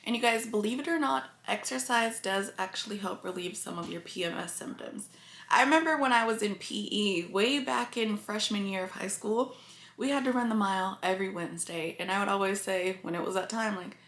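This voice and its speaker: A vlogger talks casually to the camera in an echoey room, earnest and confiding, speaking to her viewers often with emotion close to the surface, near tears. Her voice is at an ordinary middle pitch, fairly bright, and fairly quick.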